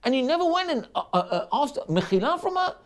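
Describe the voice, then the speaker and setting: A man playing a shocked, upright rabbi who is incredulous and asks drawn-out, disbelieving questions. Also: very high voice, big pitch swings, voice pushed up. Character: shocked, upright older rabbi scolding his wife.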